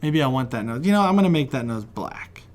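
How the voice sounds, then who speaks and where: A chatty kids' art teacher from West Virginia draws while he talks, laughing often and cheering the children on. He speaks quickly in a mid-range, somewhat dark voice with lively intonation.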